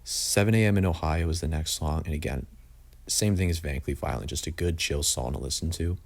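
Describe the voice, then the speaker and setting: Speaking a little fast in a gravelly bass, this young guy gives a casual album-ranking review. His takes are blunt and opinionated, and "like" comes up again and again.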